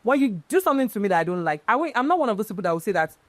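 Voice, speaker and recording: A woman's voice: medium pitch, rapid-fire. Emphatic woman guest. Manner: emphatic, animated storytelling. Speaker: event planner guest. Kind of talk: casual interview chat.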